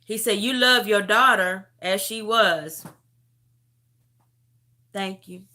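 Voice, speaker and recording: Woman, 50s, slow and bright-toned, giving an earnest, halting testimony, tearful at times. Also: on the high side. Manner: earnest, halting, repeats herself. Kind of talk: emotional religious testimony.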